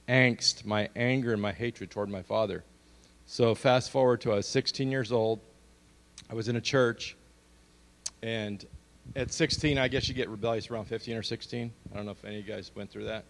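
A man's voice: mid-range voice, fairly even intonation, brisk. Earnest man telling testimony in hall. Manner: earnest, storytelling, rising to emphatic bursts. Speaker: speaker giving his testimony. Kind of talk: church testimony. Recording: long hall reverb.

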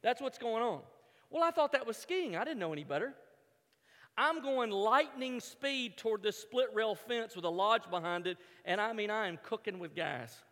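A man with a strikingly high voice tells a comic story from a stage, animated and lively. He keeps restarting his sentences and acts out what he was thinking. His voice rings out with a long reverb, as in a big hall. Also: moderate pace. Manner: animated, repeats words as he restarts, acts out his own thoughts. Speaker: speaker telling a story to an audience. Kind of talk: humorous personal story told from a stage.

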